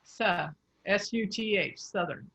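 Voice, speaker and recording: A woman's voice: mid-range voice, slow, fairly bright tone, lo-fi sound. A woman speech coach explaining English pronunciation in an encouraging, patient way. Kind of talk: coaching session.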